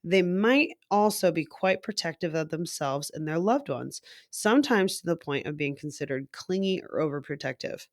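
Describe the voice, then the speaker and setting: A woman's voice: sits low, lively intonation, moderate pace, hardly any pauses, no echo, studio quality. Blunt, chatty young woman vlogger. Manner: blunt, chatty, swears freely. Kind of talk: casual chat reading horoscope.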